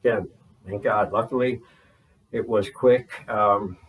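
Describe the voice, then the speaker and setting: A man's voice: lowish voice, steady tone, measured pace, distant mic, phone-quality sound. A man from New Jersey telling a story in loose, rambling talk full of fillers and swearing. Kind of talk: casual spoken account.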